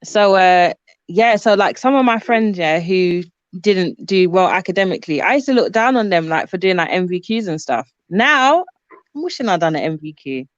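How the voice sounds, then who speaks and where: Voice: mid-range voice, expressive, normal speed, clean tone, no room sound. A guest in a casual chat who talks hesitantly, restarting often. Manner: hesitant, many fillers and restarts. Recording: dry, dull lo-fi sound.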